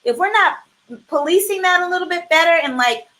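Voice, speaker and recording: A woman in her forties who hosts a talk show and tells animated stories, acting out the voices she quotes. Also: very high voice, brisk. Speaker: host. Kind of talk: casual conversation.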